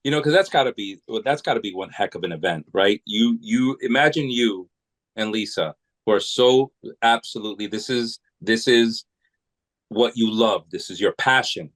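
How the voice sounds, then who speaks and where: On a podcast, a guest from New England tells meandering stories in a relaxed way, frequently starting over. He speaks at a moderate pace in a fairly low, slightly bright voice, captured on a rough recording.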